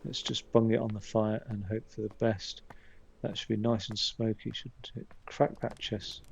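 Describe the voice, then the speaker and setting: A man's voice: on the low side, little pitch movement, normal speed, vocal fry, slight background noise. A man streaming a game, chatting casually, swearing freely and reading game text aloud under his breath. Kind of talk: casual gameplay commentary.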